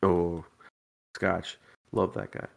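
A man co-hosting a podcast tells a long, rambling, profane story in casual chat, laughing a lot while tipsy from drinking. His low voice is creaky and level, and he speaks slowly.

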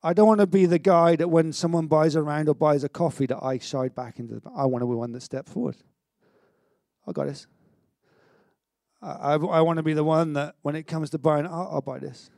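Male pastor, middle-aged, chatty sermon with restarts and jokes, slightly high voice. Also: moderate pace, vocal fry, pauses often, no echo, studio quality. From Wales. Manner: energetic, conversational preaching with stammered restarts and self-mocking humour.

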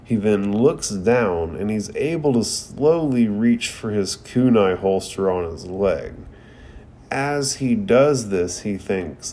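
A man's voice: on the low side, expressive, slow pace, mellow, a little hiss or hum. A man casually recapping and reviewing an anime episode, rambling and profane with lots of "like".

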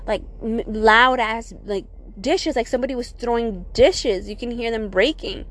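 A woman's voice: on the high side, normal speed, a little hiss or hum. A young woman casually telling a personal scary story, swearing often and filling her talk with "like". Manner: profane, animated, lots of "like" fillers.

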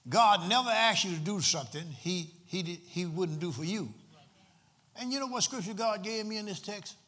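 A man's voice: high-pitched, moderate pace, pushed and bright. A man a sermon as pastor, repeating phrases for emphasis and drawing call-and-response from the congregation.

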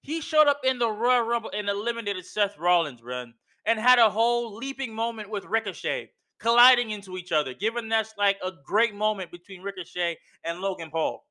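A man's voice: high-pitched, lively intonation, a little fast, hardly any pauses, pushed and bright. A man hosting a podcast who rants in an emphatic, slangy way, repeating himself and calling the listener "bro". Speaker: podcast host. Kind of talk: casual wrestling opinion rant.

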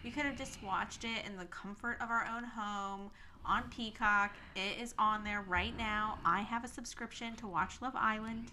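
A young woman co-hosting a podcast, telling stories in a lively, laughing way and swearing freely. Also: mid-range voice, moderate pace, a little hiss or hum. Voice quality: laughs often, swears freely, animated storytelling. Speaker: podcast co-host. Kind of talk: casual chat. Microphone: podcast mic.

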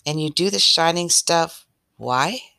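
A woman's voice: sits low, animated, slow, gravelly, pushed and bright, dry recording, clean studio sound, exaggerated voice. A woman voicing a curious, inquisitive voice in a read-aloud story that keeps asking questions.

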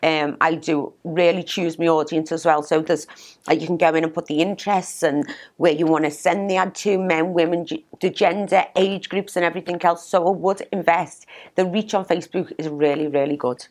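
Scouse woman, lowish voice, straight-talking guest in an interview, rattles off lists. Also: fairly even intonation, brisk. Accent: Liverpool. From Liverpool, England. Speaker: interview guest, business owner. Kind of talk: casual interview chat.

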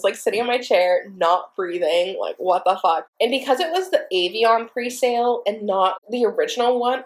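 A young woman hosting her own podcast, telling a story in an excitable, profane, breathless way. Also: mid-range voice. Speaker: podcast host. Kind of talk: casual storytelling monologue.

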